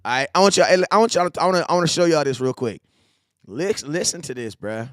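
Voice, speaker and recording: A man in his forties hosts a loose live sports talk show, speaking in an animated, slang-heavy way and repeating lines to his viewers. His voice sits a little high. The sound is close and dry, with no room echo. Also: a little fast. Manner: animated, repetitive, slangy, talks to chat.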